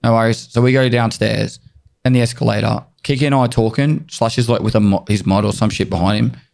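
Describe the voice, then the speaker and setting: A man co-hosting a casual podcast, telling animated stories and swearing freely. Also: mid-range voice, fast talker, gravelly. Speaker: podcast co-host.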